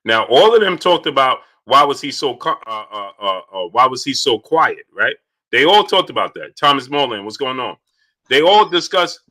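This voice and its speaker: Man, boxing stream host, bright voice, greets chat by name, repeats himself. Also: medium pitch, moderate pace. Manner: repetitive, animated, shouts out chat viewers.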